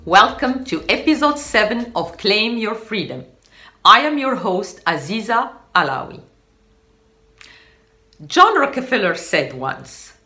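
Slow, lively woman storyteller. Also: medium pitch. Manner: animated, dramatic storyteller. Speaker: podcast host. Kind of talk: motivational storytelling podcast.

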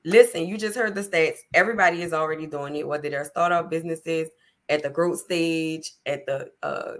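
A woman hosting a casual podcast conversation, her voice sitting a bit low. She talks in an emphatic, chatty, motivational way, leaning into her points. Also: a little fast. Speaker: podcast host.

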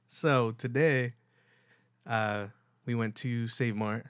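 A young man from California co-hosting a podcast in a loose, rambling way, casual swearing and lots of ums. His voice sits at an ordinary middle pitch. It is recorded close and dry, with no room sound. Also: slow pace, clean tone, no echo. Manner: relaxed, rambling, swears casually, many fillers. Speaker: podcast co-host. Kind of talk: casual chat.

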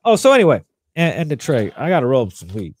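A young man telling a crude story in casual podcast chat, rambling and animated. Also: mid-range voice, fast, no room sound.

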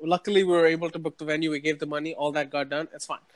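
A young man in casual chat, telling an animated story about his university days and acting out the quotes. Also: on the high side, rapid-fire, no echo.

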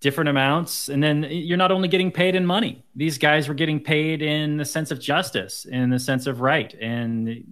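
A man co-hosting a casual movie review podcast, chatting and joking about scenes. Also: medium pitch. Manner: animated, mocking when joking about bad scenes. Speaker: podcast co-host.

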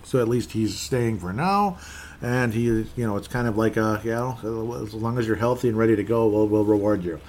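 Rambling man, lowish voice. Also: moderate pace, darkish tone, a little hiss or hum. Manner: rambling, opinionated, self-interrupting. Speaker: podcast host. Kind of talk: casual solo podcast chat.

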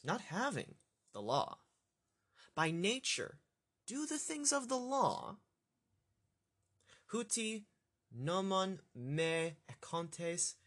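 A man working through a scripture passage aloud as a teacher, thinking out loud, halting and correcting himself. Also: on the high side. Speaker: Bible study teacher.

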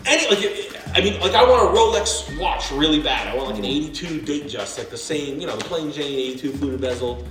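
A man in his thirties tells stories on a casual podcast, swearing freely and slipping into impressions of pushy salesmen. His voice runs high for a man and swings widely in pitch. He sits back from the mic in a very echoey room, with faint music underneath. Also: fairly quick, hardly any pauses, recorded from a distance. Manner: animated storyteller, lots of swearing, acts out salesmen. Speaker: podcast co-host. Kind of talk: casual chat.

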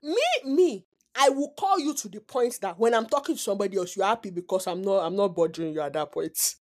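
A Nigerian woman co-hosting a podcast in casual chat, animated and teasing as she scolds her friend. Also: medium pitch, a little fast. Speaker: podcast co-host.

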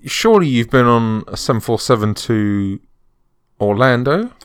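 A man's voice: mid-range voice, very animated, moderate pace, smooth, no echo. A man co-hosting a casual podcast, dropping dry quips and nerdy follow-up questions. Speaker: podcast co-host.

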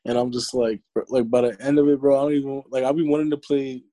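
A man's voice: mid-range voice, fast talker, no room sound. Young man telling stories, cursing freely. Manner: profane, animated storytelling with acted-out quotes. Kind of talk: casual chat. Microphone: remote call audio.

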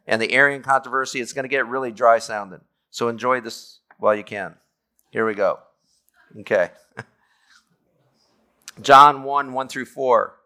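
A Bible teacher leads a theology class conversationally in a smooth, mid-range voice that sounds pushed and bright. He reads scripture aloud, then explains it plainly, often checking in with "okay?".

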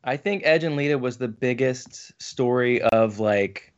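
A man co-hosting a casual podcast, speaking in a thoughtful, measured way. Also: medium pitch, muffled recording. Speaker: podcast co-host. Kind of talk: casual chat.

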